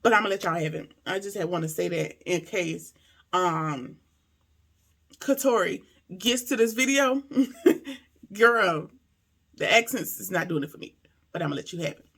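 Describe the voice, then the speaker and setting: A woman's voice: lowish voice, expressive, normal speed, pauses often, fairly bright tone, breathy edge. A woman giving a casual, slangy episode recap and review, animatedly acting out the characters' lines.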